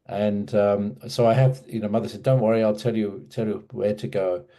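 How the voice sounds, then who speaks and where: A man's voice: fairly low pitch, steady tone, moderate pace, mellow. A man casually telling a personal memory in an interview, hesitant, with many restarts and fillers. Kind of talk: casual storytelling.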